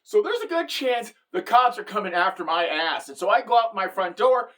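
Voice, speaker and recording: A middle-aged woman tells a comic story straight to her viewers. Her voice sits in an ordinary middle pitch, and her delivery is lively and chatty. She keeps pulling the listener in with quick asides. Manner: animated, conversational, with frequent "all right?" asides to the viewer. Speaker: comedic storyteller. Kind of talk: comedic personal storytelling.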